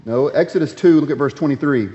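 Man preaching in an echoing hall. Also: fast. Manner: acts out quoted complaints in raised voice, then drops low and quiet. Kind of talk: sermon. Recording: dull lo-fi sound in a reverberant hall.

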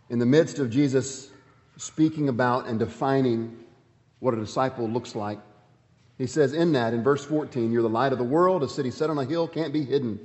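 A man's voice: a little mellow, long reverb tail. A man preaching a sermon as pastor, emphatic, rising and falling sharply as he reads scripture and drives home his points. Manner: emphatic preaching with dramatic swings in pitch and volume.

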